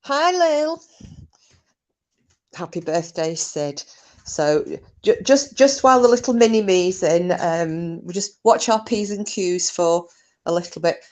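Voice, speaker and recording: A woman's voice: on the low side, animated, measured pace, a little mellow. A woman hosting a casual livestream, chatty and giggly, greeting viewers and reading their chat messages aloud with self-mocking humour. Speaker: livestream host.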